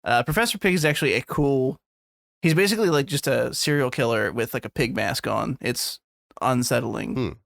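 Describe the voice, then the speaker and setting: A man's voice: medium pitch, normal speed, gravelly, fairly bright tone, no room sound, clean studio sound. A man co-hosting a podcast in casual chat, rambling and joking crudely, laughing often. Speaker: podcast co-host.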